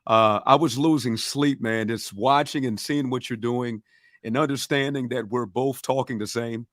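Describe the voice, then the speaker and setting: A man's voice: mid-range voice, fairly even intonation, normal speed, a bit bright, no echo, clean studio sound. A man with a Southern accent, coaching a livestream audience in a fired-up, preacher-like way and urging them to respond. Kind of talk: motivational teaching on a livestream.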